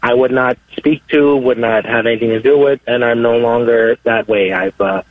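Male caller with a mid-range voice on a thin phone line, earnest and halting. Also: mid-range voice, fairly even intonation, no room sound. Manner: earnest, halting, many restarts. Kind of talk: call-in radio testimony. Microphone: telephone. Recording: dry tinny phone line.

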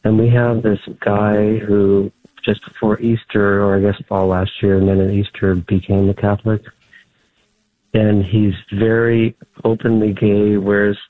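A man calling a radio show with an earnest, measured question. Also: fairly low pitch, no echo. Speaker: caller. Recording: tinny phone line.

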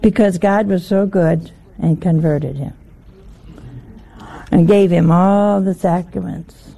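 A woman teaches scripture at an unhurried pace, in a mellow, gravelly voice. She talks in a folksy, humorous way and keeps asking her listeners rhetorical questions. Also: fairly low pitch. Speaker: religious teacher.

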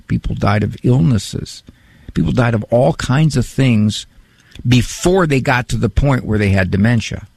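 A man with a lowish voice and vocal fry hosts a radio call-in show from a studio, recorded dry on a studio mic. He rambles conversationally, repeats words, and chuckles at his own story.

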